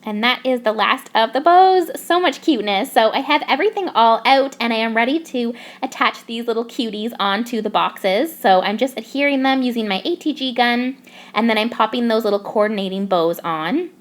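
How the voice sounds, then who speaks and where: A woman's voice: a little high, moderate pace. A young woman from Canada narrating her craft process in a bubbly, gushing way. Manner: bubbly, gushing over cute details. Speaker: craft YouTuber.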